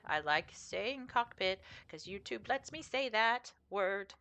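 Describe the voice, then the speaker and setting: A woman's voice: mid-range voice, expressive, slow, hardly any pauses, fairly bright tone, dull audio. A woman streamer chatting playfully through a game playthrough, joking and reacting as she goes. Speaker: gaming streamer. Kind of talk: let's play commentary.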